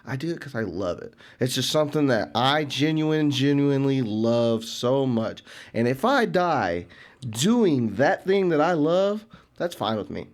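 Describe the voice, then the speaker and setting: A man's voice: mid-range voice, very animated, a little slow. A young man speaking earnestly and plainly in a casual conversation. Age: young adult. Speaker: podcast co-host. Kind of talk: casual chat.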